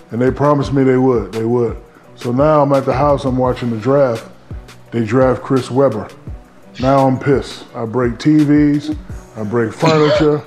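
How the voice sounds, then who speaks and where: A man's voice: mid-range voice, fairly even intonation, normal speed, darkish tone, soft background music. A man who played professional basketball tells a story in a casual interview, rambling and full of fillers. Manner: rambling, filler-heavy, laid-back. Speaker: former pro basketball player.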